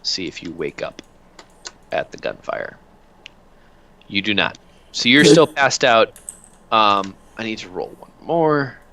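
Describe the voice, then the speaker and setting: A man runs a tabletop game as its game master, taking his time and filling pauses with easy filler sounds. His voice sits a little low but has a bright, forward edge to it, and he talks at an unhurried pace. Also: a little hiss or hum. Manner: relaxed, many filler sounds.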